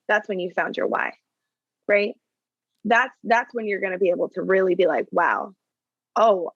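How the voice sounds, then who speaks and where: Appearing as a podcast guest, a business coach for owners gives earnest, conversational answers, repeatedly adding "right?" and "you know." She has a medium-pitched voice, and the muffled recording has no echo.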